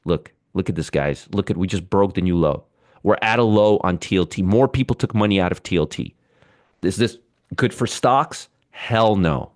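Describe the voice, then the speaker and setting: A man's voice: low voice, normal speed. A man hosting live market commentary, ranting sarcastically and muttering over charts as he reads them.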